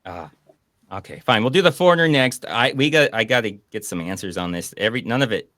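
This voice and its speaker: A man's voice: on the low side, fairly quick, no echo, clean studio sound. Rambling man hosting a movie stream. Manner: rambling, animated retelling of film scenes. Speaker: podcast host. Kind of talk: casual stream chat about movies.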